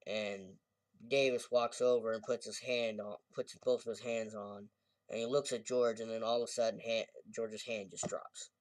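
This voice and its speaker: A man's voice: mid-range voice, no room sound, recorded from a distance. A man giving a casual, rambling movie review, often correcting himself as he retells scenes.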